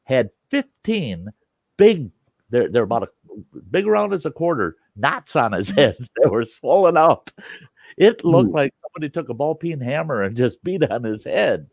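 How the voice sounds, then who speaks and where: An older man tells a homespun story in a gravelly voice, his pitch rising and falling freely as he chuckles along. His grammar is loose and country. The recording is dull and lo-fi, with a dry, close sound. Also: sing-song, moderate pace, darkish tone, no room sound. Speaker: storytelling host. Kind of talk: casual spoken storytelling.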